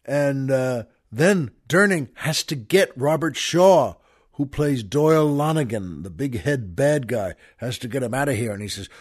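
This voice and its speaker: A man's voice: mid-range voice, lively intonation, moderate pace. A man hosting a podcast, retelling a favorite film scene in an enthusiastic, rambling monologue full of restarts and asides to the listeners. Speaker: podcast host. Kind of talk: casual storytelling monologue.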